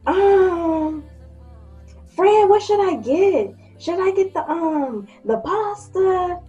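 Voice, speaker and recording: A woman voicing an indecisive young woman customer distracted on a call, high and airy in a slightly muffled recording. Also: expressive, extremely slow, warm tone, distant mic, faint music behind, full character voice. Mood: dithering.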